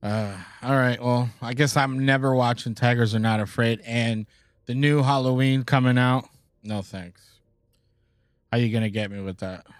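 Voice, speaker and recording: A man hosting a podcast, running through horror news with excitable, self-mocking, foul-mouthed chatter. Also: mid-range voice, normal speed, no echo, clean studio sound. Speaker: podcast host. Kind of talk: casual banter reading news items.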